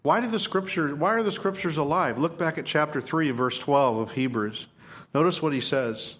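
A man's voice: fairly high pitch, moderate pace, a bit bright. A man preaching a sermon, emphatic, repeating phrases and restarting his sentences. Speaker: pastor.

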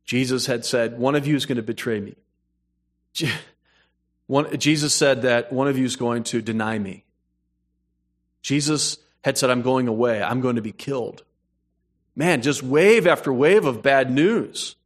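A man preaching a sermon, moving between hushed storytelling and emphatic, rising points. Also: mid-range voice, a little slow, long pauses. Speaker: pastor.

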